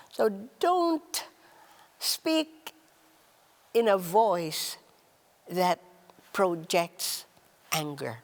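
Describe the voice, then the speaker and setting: A host speaks slowly and deliberately about relationships in a fairly low voice. She stresses words with wide pitch swings, then drops to a soft hush on key phrases, and a long reverb trails after her.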